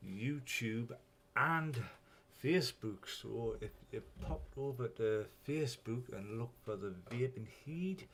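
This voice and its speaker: A man's voice: mid-range voice, slow pace, fairly bright tone. A man hosting a casual live stream, rambling and chatty, swearing when flustered.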